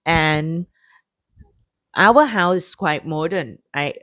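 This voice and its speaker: A woman from Thailand with a Thai accent, a native Thai speaker, co-hosting a casual podcast chat in a soft, halting way as she searches for words. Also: low voice, no echo. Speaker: podcast co-host.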